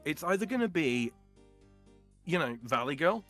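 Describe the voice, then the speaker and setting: A man chatting casually on a stream, opinionated, with halting starts and chuckles. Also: fairly high pitch, sing-song, a bit bright, faint music behind. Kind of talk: casual chat.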